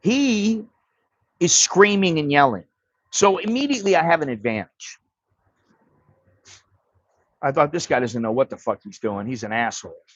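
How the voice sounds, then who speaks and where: Dude on a livestream telling a story, swears a lot, kinda high voice, dry muffled audio. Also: male voice, animated, moderate pace, long pauses, no room sound. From United States. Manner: blunt, profane, conversational. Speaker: livestream host. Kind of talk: casual storytelling.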